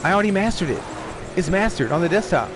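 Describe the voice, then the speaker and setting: A man streaming live, rambling in casual chat, excitable and profane. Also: sits high, fast talker, noisy background. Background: music playing.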